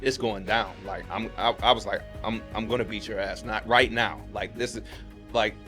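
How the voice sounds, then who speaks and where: A man from Pittsburgh, a podcast guest, telling a story in casual chat and acting out the quotes with his voice jumping up high. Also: normal speed, soft background music. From Pittsburgh, USA. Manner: animated retelling, acts out quotes with rising pitch.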